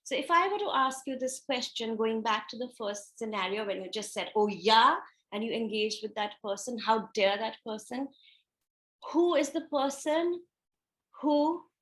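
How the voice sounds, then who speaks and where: A woman's voice: fairly high pitch, expressive, measured pace, a bit bright. A woman giving a reflective spiritual teaching talk, asking rhetorical questions, answering them herself, and acting out everyday scenarios.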